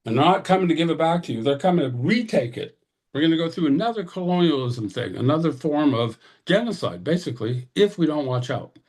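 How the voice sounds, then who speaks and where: A man speaking with fervent urgency, pleading and exhorting his listeners to act. His voice sits somewhat high for a man. He is heard over a video call, giving a heartfelt webinar talk. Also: sing-song, brisk, darkish tone. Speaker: tribal representative presenter. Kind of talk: impassioned webinar address.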